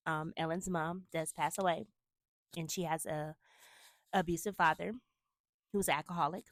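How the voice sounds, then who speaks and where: A woman's voice: lowish voice, no echo, clean studio sound. Chatty woman hosting a movie review. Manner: chatty, animated retelling with emphatic asides. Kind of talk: casual spoken movie review.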